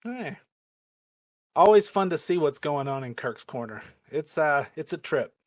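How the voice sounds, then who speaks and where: A man's voice: on the high side, expressive, measured pace. A man co-hosting a podcast, giving dry reactions in casual chat. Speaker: podcast co-host.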